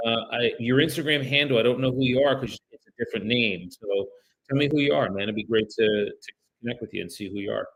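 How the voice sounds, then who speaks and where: A man's voice: medium pitch, a little fast, a bit bright. A man working as a real estate agent, chatting casually to viewers while making cold calls on a livestream. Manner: chatty, addresses viewers directly; polite and apologetic on calls.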